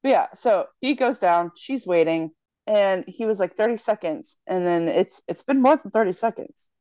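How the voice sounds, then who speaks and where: A woman's voice: mid-range voice, moderate pace, no room sound. A young woman in casual chat, animatedly retelling a movie plot with lots of swearing and acted-out lines. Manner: animated storyteller, swears freely, acts out lines.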